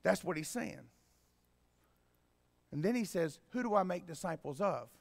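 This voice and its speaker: A man preaching a sermon as pastor, swinging from quiet explaining to loud emphatic bursts. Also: high voice, lively intonation, a little slow, creaky. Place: church sanctuary. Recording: long reverb in a church hall.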